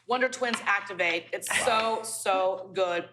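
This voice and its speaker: A woman's voice: mid-range voice, a little slow, noisy background. A woman co-hosting a cooking show, effusively praising a dish she is tasting. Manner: effusive and enthusiastic. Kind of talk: casual tasting chat.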